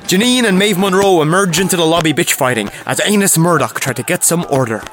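A man narrating a comic improvised audio drama in a wry, deadpan way with puns. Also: a little high, fast talker. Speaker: narrator and lead player.

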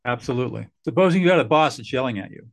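A man's voice: medium pitch, lively intonation, very fast, gravelly. An older man, a mediator guest on a podcast, explaining earnestly and acting out what parents and bosses say. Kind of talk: podcast interview.

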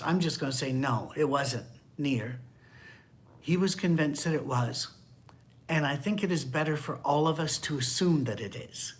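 An older man preaching a conversational sermon, candid and wry, dropping into hushed asides. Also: mid-range voice. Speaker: pastor.

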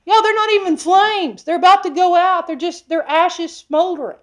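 A woman preacher teaching a sermon from the Bible, emphatic, often asking her listeners questions and moving between loud and hushed delivery. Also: very high-pitched, normal speed. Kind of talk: expository sermon.

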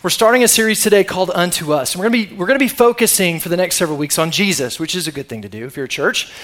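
A middle-aged pastor preaches a sermon conversationally, calling on the congregation to answer back. His high voice is expressive and fairly bright, and he talks very fast.

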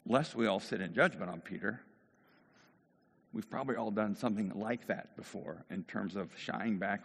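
Gravelly-voiced male preacher in a reverberant hall. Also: fairly low pitch, lively intonation, moderate pace, fairly bright tone. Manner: storytelling, acts out quoted voices. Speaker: pastor. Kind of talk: sermon.

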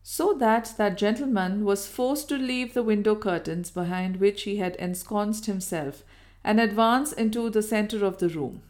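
A woman reading a Victorian novel aloud in a measured, even storytelling manner. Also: medium pitch. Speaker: audiobook reader. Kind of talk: scripted narration of a Victorian novel.

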